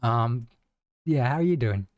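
Man, casual gameplay commentary, hesitant asides, mellow tone. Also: medium pitch, expressive, unhurried, no room sound, dull audio. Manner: hesitant, self-deprecating asides. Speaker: game streamer.

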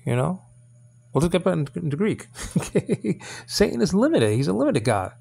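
A man's voice: high-pitched, very animated, normal speed, creaky, a little mellow, breathy edge. A man giving an informal, rambling Bible language lesson, often checking that his listeners follow. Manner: chatty, rambling, keeps asking "you understand what I'm saying?". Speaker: Bible teacher.

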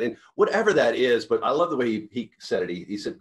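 A man's voice: mid-range voice, big pitch swings, fast talker, hardly any pauses. A man, a company CEO, giving a motivational talk to sales reps in an earnest, rambling storytelling way with many restarts.

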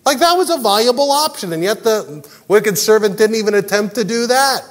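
A man preaching a sermon as pastor, animated and jokey, acting out the characters' lines. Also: high voice, normal speed, in a large hall. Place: large church hall.

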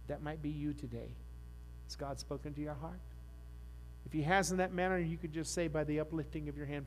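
A man preaching a sermon as pastor, rising to fervent peaks and dropping to a quiet appeal. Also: a little high, fairly quick, slight background noise. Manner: impassioned preaching that rises and falls, then softens into a quiet altar call. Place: church sanctuary.

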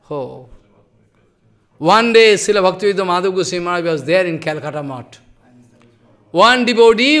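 A man's voice: sits high, fairly bright tone. A man giving a devotional sermon, telling stories with emotion and repetition in broken English. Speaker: preacher.

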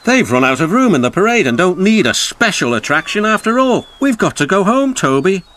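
A man voicing a kindly male engine driver in a children's cartoon, speaking in a warm, fatherly way. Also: sits high, sing-song, fairly quick, voice pushed up. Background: background music.

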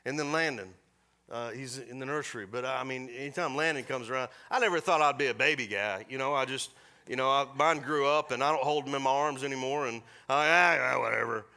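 A middle-aged man preaching a sermon as pastor, animated and mixing scripture with joking asides. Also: mid-range voice, fairly quick. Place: church service.

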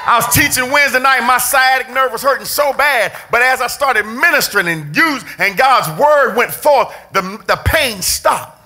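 Pastor guy preaching hard, real high piercing bright voice, keeps breaking into shouts. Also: moderate pace, few pauses, soft background music. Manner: fervent preaching, often shouting with emphasis. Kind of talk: sermon. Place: church sanctuary.

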